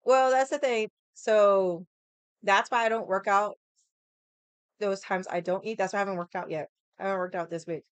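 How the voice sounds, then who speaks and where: A young woman chatting to her stream viewers in a loose, unfiltered way, with plenty of filler words and casual swearing. Her voice is smooth and clear, at a middle pitch. It is close to the mic and dry, with no room sound. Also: steady tone, normal speed, no room sound. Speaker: livestream host. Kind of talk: casual chat.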